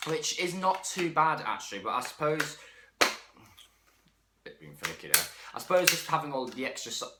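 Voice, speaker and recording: Casual male toy reviewer; frank and self-correcting, lively delivery, roomy sound. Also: medium pitch, slight background noise. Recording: echoey room.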